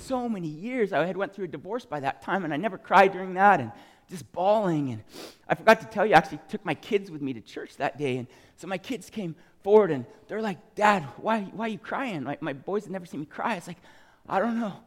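Impassioned high-voiced preacher in echoey hall. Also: male voice, lively intonation, fast talker. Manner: impassioned, swings from yelling to soft tearful speech. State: crying. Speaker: guest preacher. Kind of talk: sermon testimony.

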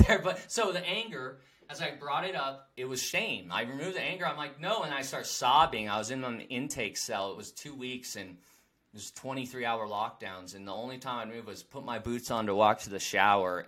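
A man talking openly and excitably in a heartfelt casual conversation. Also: fairly low pitch. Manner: excitable and animated.

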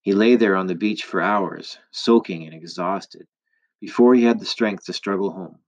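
A wise, gentle old woman speaks in a calm, measured storybook voice, as a man reads her lines. The tone sits fairly low, and the recording sounds a little dull and lo-fi.

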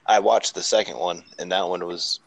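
A man's voice: deep voice, fairly even intonation, normal speed, creaky, no echo, poor audio. A man in casual chat who swears freely and laughs often.

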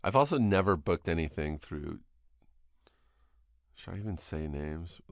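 A middle-aged man hosting a podcast, chatting casually and telling stories with animated impressions and plenty of swearing. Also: low voice, measured pace, dry recording, studio quality. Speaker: podcast host. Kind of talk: casual chat.

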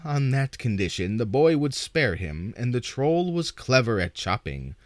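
A man reading folk tales aloud as a storyteller, in a measured and expressive way. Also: mid-range voice, dry recording, studio quality. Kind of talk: unhurried storytelling narration.

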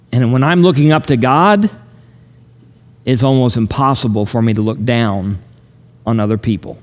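A man in his sixties, a pastor preaching a sermon in an earnest, measured way, slowing down to stress key lines. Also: on the high side. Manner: earnest, measured, slows down for emphasis. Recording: long hall reverb.

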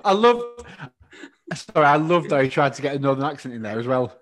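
Animated man bantering. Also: medium pitch, fairly quick. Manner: animated, playful, teasing. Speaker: podcast co-host. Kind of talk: comedic podcast banter.

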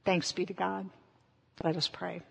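A woman's voice: on the low side, little pitch movement, a little slow, gravelly, fairly bright tone, slightly rough. A woman pastor giving an earnest Easter sermon and prayer, with rhythmic, repeated phrases. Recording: long hall reverb.

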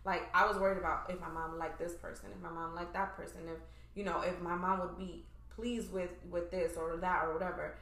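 A woman's voice: fairly low pitch, level tone, fairly quick, a bit bright, reverberant. A young woman guest chatting casually on a podcast, full of "like" and "you know" as she tells her story. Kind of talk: casual chat.

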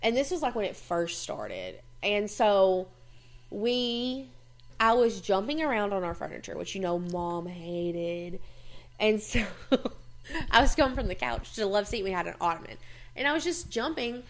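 A woman telling childhood stories in casual chat. She is animated, laughs often, swears freely and acts out what people said. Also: medium pitch, unhurried. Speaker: host.

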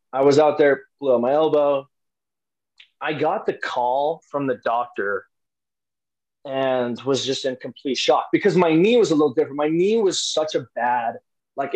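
A man's voice: mid-range voice, a little mellow, rough recording. A young man, an interview guest, telling a personal story casually with lots of fillers and restarts. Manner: rambling, many fillers and restarts.

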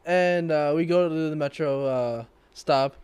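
High-voiced young man telling a story. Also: unhurried, clear, resonant tone. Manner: animated, acts out quotes, laughs while telling. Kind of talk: casual storytelling among friends.

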